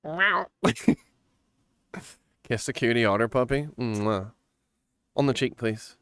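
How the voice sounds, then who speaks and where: Male streamer, unhurried and giggly, smooth dry voice, casual chat. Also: mid-range voice, steady tone, dry recording. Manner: playful and giggly, reading viewer chat aloud.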